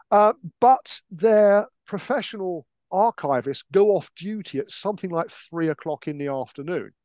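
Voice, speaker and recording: A man's voice: on the high side, a little mellow, no room sound. An older man from Britain, a historian co-hosting a podcast, telling archive anecdotes in a hesitant, restarting way. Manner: hesitant, many restarts and fillers. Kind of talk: casual anecdotal chat.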